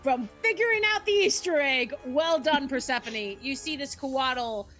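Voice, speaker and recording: A woman's voice: high voice, measured pace, a bit bright, faint music behind. A woman narrating as game master of a tabletop game, upbeat and often laughing.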